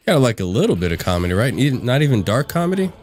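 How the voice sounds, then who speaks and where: A man's voice: medium pitch, big pitch swings, rapid-fire, darkish tone, a little hiss or hum. A man hosting a live gaming stream, chatting casually with his viewers, laughing often and answering the chat as he plays. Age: adult. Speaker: livestream gaming host.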